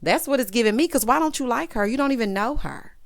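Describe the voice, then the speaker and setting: A woman's voice: a little high, expressive, quick pace, no room sound, clean studio sound. A woman recapping a reality TV episode in a sassy, dramatic way, acting out what the cast said and calling the viewer honey and child. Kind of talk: casual commentary recap.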